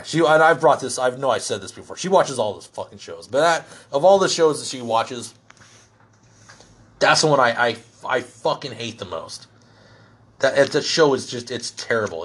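A middle-aged man ranting in a blunt, crude way, swearing heavily and getting animated as he vents. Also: mid-range voice, slightly rough. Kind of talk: profane comedic rant.

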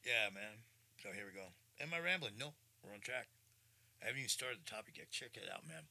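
A man in his sixties hosting a podcast, talking in a casual rambling monologue, excitable and swinging from low mutters to loud bursts. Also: a little fast. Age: 60s. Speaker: podcast host. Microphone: studio mic through audio interface.

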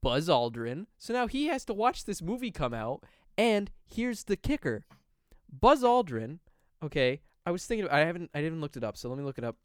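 Animated, rambling young man on a podcast. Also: fairly high pitch, moderate pace, clean tone, no room sound, studio quality. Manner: rambling, animated storytelling with silly quoted voices. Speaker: podcast host. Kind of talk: casual chat.

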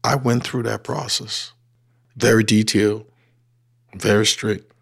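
With faint music behind him, a middle-aged Liberian man recounts his life in a Liberian accent, bringing quoted dialogue to life. His lowish voice is creaky with a breathy edge, and his pace is measured.

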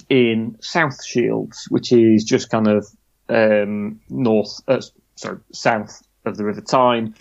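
A man's voice: mid-range voice, vocal fry, a little mellow. A man co-hosting a casual news chat, wry and chatty. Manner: chatty, wry, drifts into mock quotes. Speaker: podcast co-host. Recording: dull lo-fi sound.

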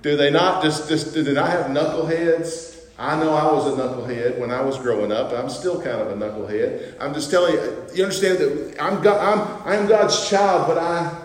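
Earnest preacher in an echoey church. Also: male voice, a little high, fairly even intonation, normal speed. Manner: earnest, emphatic preaching with repeated restarts. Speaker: pastor. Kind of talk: sermon. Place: church sanctuary.

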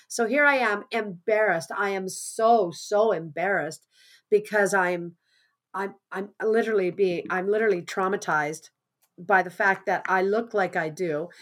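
Woman, mid-pitched, earnest conversational storyteller, softens at the hard parts. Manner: earnest, conversational, drops softer at grim moments. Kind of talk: personal anecdote monologue.

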